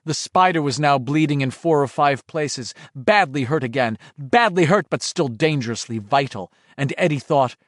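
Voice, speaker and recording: A man's voice: fairly high pitch, animated, moderate pace, hardly any pauses, dry recording, studio quality. A man reading a horror audiobook aloud in dramatic scripted narration. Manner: dramatic, shifting delivery.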